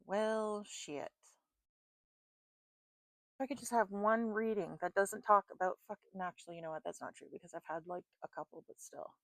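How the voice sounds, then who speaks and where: A woman's voice: medium pitch, moderate pace, a bit bright, no echo. A woman giving a casual tarot reading to her viewers, frustrated and swearing often, laughing at her own exasperation. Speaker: tarot reader.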